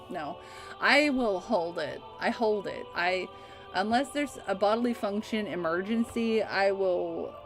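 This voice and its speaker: A woman livestreaming a game, chatting casually with her viewers in a bubbly, laughing manner. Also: medium pitch. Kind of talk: casual gaming livestream chat. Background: game music.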